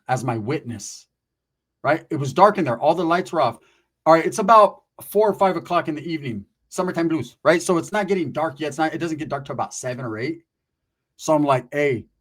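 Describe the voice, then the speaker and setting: Brief: middle-aged man, crude comic storyteller, animated, voice a touch high. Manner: crude, animated, breaks into mock singing. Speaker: comedic storyteller. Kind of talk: profane comedic storytelling.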